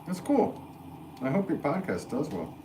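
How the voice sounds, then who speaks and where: A man's voice: on the high side, sing-song, measured pace, background noise. A man with a Connecticut accent, chatting casually with viewers on a livestream from his pottery studio and answering comments with little laughs. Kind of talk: casual livestream chat while working.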